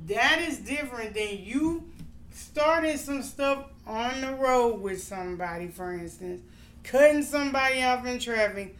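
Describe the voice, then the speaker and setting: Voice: medium pitch, animated, a little slow, a bit bright. Firm speaker in a roomy recording. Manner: firm, explanatory, agreeing often. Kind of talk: casual chat. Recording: roomy echo, faint background noise.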